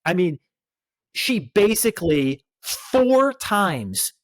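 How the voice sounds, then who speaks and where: A man's voice: sits high, drawn-out words, no echo. A man co-hosting a casual recap chat, talking emphatically and acting out what people said. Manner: animated, emphatic, acts out quotes. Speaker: podcast co-host.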